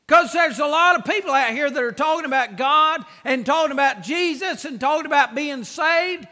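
A man preaching a sermon with emphatic, repeated exhortations that swell into shouts. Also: very high-pitched, moderate pace, in a large hall.

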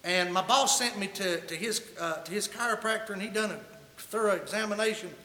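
A man's voice: high-pitched, brisk, pushed and bright, a little hiss or hum. A man preaching a sermon, telling a humorous personal story in a folksy, colloquial way. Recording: echoey hall reverb.

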